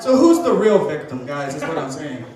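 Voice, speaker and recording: A high-voiced stand-up comic delivers dark jokes in a deadpan way, his voice jumping around in pitch. He is picked up from a distance in a very echoey club. A crowd laughs loudly behind him. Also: moderate pace. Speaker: stand-up comedian. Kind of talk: stand-up comedy set. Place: comedy club stage. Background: audience laughter.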